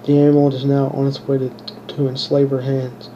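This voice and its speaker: A man reading his own fantasy story aloud in a plain, monotone way, stumbling and restarting now and then. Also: mid-range voice, brisk, dull audio, a little hiss or hum. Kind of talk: unpolished audiobook narration.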